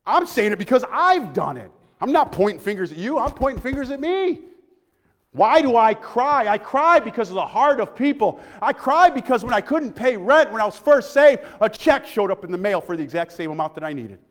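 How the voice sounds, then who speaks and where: A man preaching an emotional, heartfelt sermon, often dropping to a soft voice. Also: sits high, big pitch swings, brisk, hardly any pauses. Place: church sanctuary. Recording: long reverb of a large hall.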